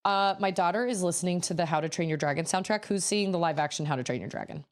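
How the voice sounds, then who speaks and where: A woman in her thirties chatting casually on a livestream, rambling to herself as she builds, her voice a little rough. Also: lowish voice, quick pace. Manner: chatty, rambling, self-talking while building. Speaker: streamer.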